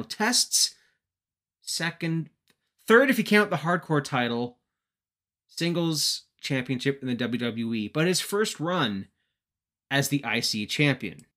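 A man's voice: on the high side, a bit bright. A man from Canada giving a joking, casual wrestling recap as a podcast host. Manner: joking, chatty.

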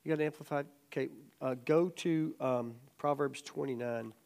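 Gravelly middle-aged man teaching a Bible study. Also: a little high, normal speed. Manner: animated storytelling, acts out quotes loudly. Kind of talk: casual sermon teaching.

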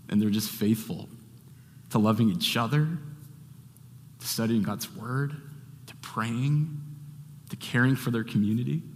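A male pastor preaches in an easy, conversational manner, often circling back and restarting his sentences. His voice sits at an ordinary middle pitch. The sound carries a long reverb from a large church hall. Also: fairly bright tone. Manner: conversational, rambling with restarts and fillers. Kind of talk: sermon.

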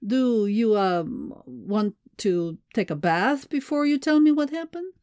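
A woman's voice: lowish voice, expressive, measured pace, darkish tone, no room sound. Brief: woman reading a curt male spy, commanding, close and dry. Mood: wry. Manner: terse, clipped commands.

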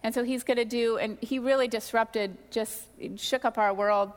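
Woman, middle-aged, high-ish voice, animated storytelling, testimony, reverberant hall. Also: normal speed. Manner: candid, animated storytelling with self-deprecating asides. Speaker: pastor's wife sharing testimony. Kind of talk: personal testimony in a sermon.

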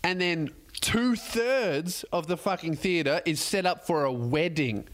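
A man's voice: a little high, slow pace, fairly bright tone. A man in his twenties with an Australian accent, a comedian and podcast host telling a profane, self-mocking story as a casual monologue.

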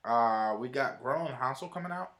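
A man co-hosting a casual movie review chat, speaking in a relaxed way with lots of fillers and restarts. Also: mid-range voice, a little fast, reverberant. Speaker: movie review show co-host.

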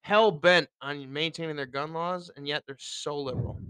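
A man co-hosting a podcast in casual chat, profane and teasing, laughing loudly. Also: a little high, steady tone, normal speed, clean tone, dry recording. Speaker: podcast co-host.

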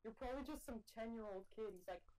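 A woman's voice: a little high, quick pace, a crowd in the background, poor audio. Chatty woman telling stories. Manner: chatty storytelling, many "like" fillers. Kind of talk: casual chat.

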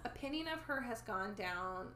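Chatty bright-voiced woman co-host. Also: mid-range voice. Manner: chatty, animated, quick to argue back. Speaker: podcast co-host. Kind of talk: casual chat reviewing a movie. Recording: echoey room with faint background noise.

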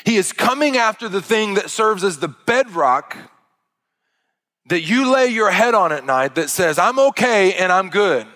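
Bright-voiced preacher in an echoey hall. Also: male voice, sits high, animated, unhurried. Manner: earnest, emphatic, repetitive rhetoric. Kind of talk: sermon.

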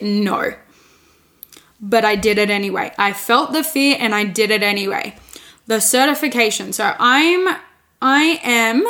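Woman in her twenties, coach hosting a podcast, earnest, candid, restarts often, higher pitch. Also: a bit bright. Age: 20s. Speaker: podcast host and women's coach. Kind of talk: casual solo podcast monologue.

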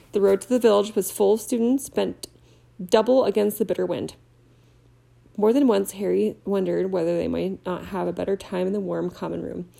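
Gravelly-voiced woman reading a novel. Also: medium pitch, warm tone. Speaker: audiobook reader.

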